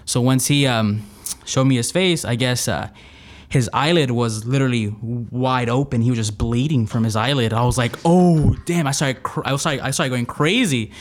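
At a normal pace and medium pitch, a young man on as a guest storyteller rambles casually through a funny personal tale. He restarts often and retells it in an animated way.

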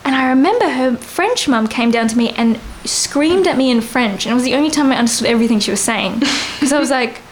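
A woman in her thirties with a high, bright pitch, chatting as a guest and spinning a rambling anecdote. She giggles constantly between lines, with a faint hiss of noise behind her. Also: expressive, fairly quick, few pauses, low-quality recording. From Australia. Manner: giggly, rambling, laughs often. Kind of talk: casual storytelling chat.

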